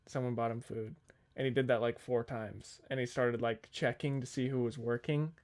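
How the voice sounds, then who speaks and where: A man's voice: mid-range voice, steady tone, normal speed, a little mellow. A young man on a podcast telling a long, rambling work story in casual chat, swearing freely and quoting the people in it. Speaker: podcast co-host.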